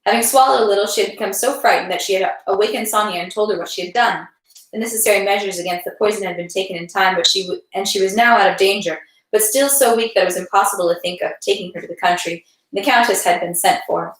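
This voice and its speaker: A woman's voice: medium pitch, quick pace. Woman reading a novel aloud, echoey room. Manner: reads dialogue with shifting tones, occasional slips and restarts. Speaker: reader.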